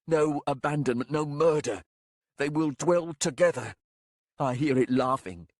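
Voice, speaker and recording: Frightened warlock for a fantasy audiobook, rough hissing voice, lifted higher and louder than the narration, played by a male narrator. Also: a little slow, no echo, studio quality. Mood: urgent, hoarse. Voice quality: rough hiss.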